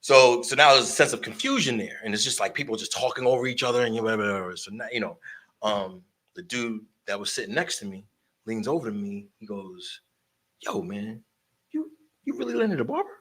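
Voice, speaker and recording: A man telling animated stories about promoting shows, swearing freely and acting out the voices of the people in them. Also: lowish voice, quick pace. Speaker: guest storyteller, concert promoter and barber. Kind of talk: casual storytelling interview.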